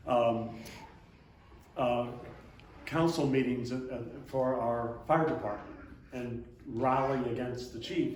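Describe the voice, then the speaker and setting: An older man, an abbot, telling a lively story to a congregation, now and then throwing in a big booming laugh. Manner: animated storyteller, booming put-on Santa laughs. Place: church hall. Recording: echoey hall, speaker far from mic, faint hiss.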